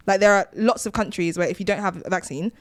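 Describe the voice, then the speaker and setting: A woman's voice: medium pitch, fast, no room sound. A woman co-hosting a podcast, from Nigeria and Britain, talking in an emphatic casual way with a lot of "like", her accent sliding toward Nigerian when she gets passionate. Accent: British with Nigerian lilt when passionate. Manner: emphatic, fillers of "like". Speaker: podcast co-host. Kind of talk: casual chat.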